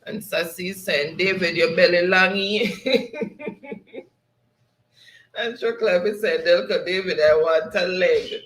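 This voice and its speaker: A man's voice: sits high, slow pace, pauses often, fairly bright tone, roomy sound, low-quality recording. A man with a Jamaican accent hosting a live stream, reading viewer comments aloud and laughing often. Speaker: show host.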